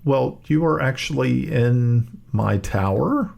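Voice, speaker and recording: A man's voice: mid-range voice, lively intonation, slow, vocal fry, darkish tone, heavily acted. A man voicing a friendly, soothing female wizard in a tabletop game. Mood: gentle.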